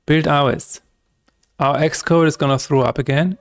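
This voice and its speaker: A man's voice: a little high, fairly even intonation, normal speed, soft background music. A man streaming his game development work, talking through each step aloud in a chatty, self-correcting way. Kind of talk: live-streamed coding chat.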